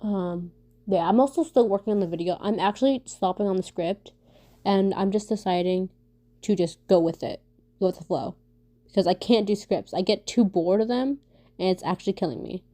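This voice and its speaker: A woman vlogging casually for her viewers, talking fast and stumbling over her words, with lots of fillers and restarts. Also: mid-range voice. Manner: fast talker who stumbles and stutters; many fillers and restarts, animated storytelling. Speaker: vlogger answering viewer questions. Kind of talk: casual rambling chat.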